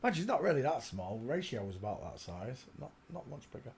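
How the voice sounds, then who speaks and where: A man's voice: mid-range voice, sing-song, fast, gravelly, darkish tone, slight background noise. An older man hosting a rambling live stream from his home desk, chatting, greeting viewers and humming to himself as he clicks around. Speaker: livestream host.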